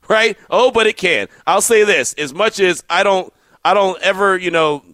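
A man hosting a sports radio show, telling stories in an animated way and acting out the quotes. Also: on the high side, no room sound. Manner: animated storyteller, acts out quotes. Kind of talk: casual sports radio talk.

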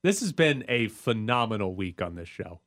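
A man hosting a casual sports talk show, animated and quick to laugh. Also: on the low side.

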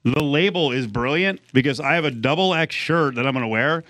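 A man's voice: on the high side, fairly quick, a bit bright, dry recording, poor audio. Wry male radio host in a dry studio. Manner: joking, wry. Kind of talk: casual radio chat.

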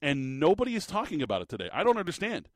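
Male sports talk host, a bit high-pitched, exasperated and emphatic rant delivery, dry close-mic read. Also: huge pitch swings, fast, no room sound. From Arizona. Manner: exasperated, emphatic, repeats words. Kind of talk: animated sports commentary rant.

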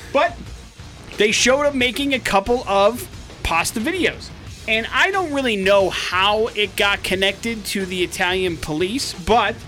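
A male radio host with a high, bright, forceful voice tells a news story in chatty, wry banter, dropping dry jokes along the way. Faint music plays under him in the studio. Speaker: radio morning show host.

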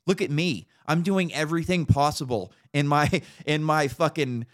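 A man's voice: fairly high pitch, moderate pace. A man co-hosting a podcast, telling stories in a profane, ranting way in casual chat. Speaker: podcast co-host.

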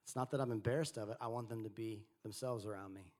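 A man preaching a sermon, swinging between quiet asides and animated, rising delivery. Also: fast talker. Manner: animated preaching, rising and falling in pitch and volume. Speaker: pastor.

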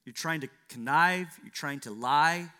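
A man's voice: on the high side, a little slow, bright, forceful tone, smooth. A man preaching a sermon as a pastor, building emphasis through repeated phrases. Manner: preaching with swelling, emphatic repetition.

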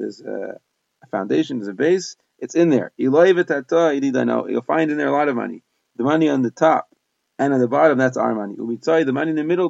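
Gravelly-voiced man teaching Talmud. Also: medium pitch, darkish tone, dry recording. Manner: reads Aramaic phrases then explains in English, with hesitations. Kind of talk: Talmud lesson, reading and translating. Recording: dull, dry close recording.

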